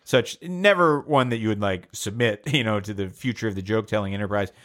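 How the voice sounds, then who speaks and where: A man's voice: on the low side, brisk, fairly bright tone. Rambling man telling a joke on a podcast. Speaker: podcast host.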